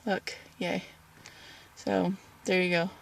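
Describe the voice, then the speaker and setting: A woman's voice: on the low side, level tone, takes it slowly, gravelly, a little hiss or hum. A woman vlogging casually about her day at home, candid and chatty. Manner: chatty, candid, sing-song with her cat. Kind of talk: casual video diary. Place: at home, bedroom.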